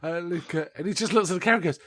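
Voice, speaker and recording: A man's voice: high-pitched, very fast, a bit bright, no room sound, studio quality. A man chatting casually about a film as a podcast co-host, retelling scenes and quoting lines in playful voices. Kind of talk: casual film review chat.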